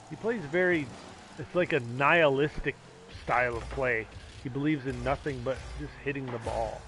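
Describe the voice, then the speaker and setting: A man on a casual gaming stream, rambling and sarcastic, now and then yelling at his teammates. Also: on the high side, normal speed, slight background noise.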